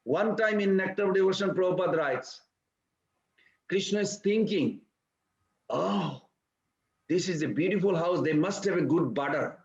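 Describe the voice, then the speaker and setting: A man teaches a scripture class in a high voice, telling stories animatedly and firing rhetorical questions at his listeners. The recording is echoey and lo-fi. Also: normal speed, pauses often. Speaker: spiritual teacher. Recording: echoey room, dull lo-fi sound.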